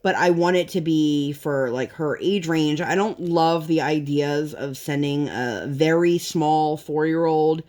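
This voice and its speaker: A woman's voice: low voice, a little slow, few pauses, darkish tone. A woman talking casually to her viewers while she works on a craft project. She rambles through a parenting story, drifting into tangents and then pulling herself back on track. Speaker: vlogger and parent.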